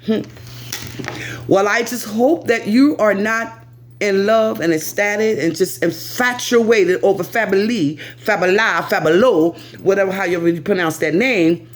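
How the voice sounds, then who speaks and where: American woman vlogger, lively commentary to camera, big pitch swings. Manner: animated, lively, pitch swings, talks straight to viewer.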